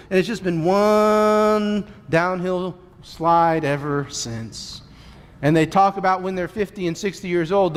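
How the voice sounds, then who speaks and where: High-voiced preacher in a reverberant church. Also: male voice, fairly bright tone. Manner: measured, repeats key points, asks the congregation questions. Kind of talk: sermon. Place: church sanctuary.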